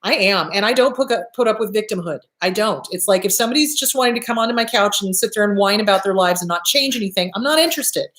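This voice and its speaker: A woman's voice: medium pitch, quick pace, hardly any pauses, fairly bright tone. Brief: woman therapist-host, blunt and emphatic, salty language, roomy echo. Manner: blunt, emphatic, swears freely, acts out quoted voices. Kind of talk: blunt advice talk. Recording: echoey room.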